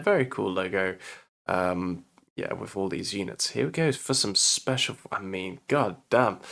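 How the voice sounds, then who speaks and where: A British man talks through a strategy game's new units in loose, enthusiastic commentary, swearing now and then. His voice is gravelly with a fair amount of fry, set a little low for a man. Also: fairly bright tone. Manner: enthusiastic, rambling, swears casually. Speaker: game commentator. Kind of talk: casual gaming commentary.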